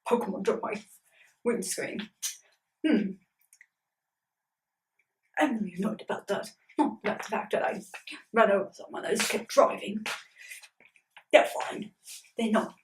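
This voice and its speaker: Self-important rich young man, woman imitating, mutters softly, distant mic. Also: medium pitch, measured pace, pauses often, slight background noise, natural voice. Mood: smug.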